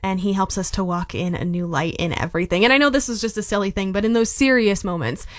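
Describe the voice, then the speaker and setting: A young woman hosting a Christian radio show, telling a personal story in a casual, animated way that turns gently devotional. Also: medium pitch, quick pace, dry recording, clean studio sound. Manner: animated storytelling, quoting others in a raised voice. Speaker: radio host.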